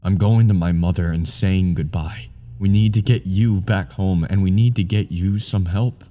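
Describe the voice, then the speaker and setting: A man voicing a distressed young husband who pleads gently and urgently. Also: sits low, fairly even intonation, moderate pace, close to an everyday voice. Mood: pleading.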